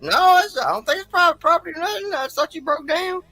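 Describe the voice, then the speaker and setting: A man's voice: very high-pitched, quick pace, bright, forceful tone, soft background music, pitched above the performer's own voice. A man putting on the voice of a friendly, chatty rural Southern man who talks with a polite drawl. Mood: helpful. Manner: drawling, eager, overly polite.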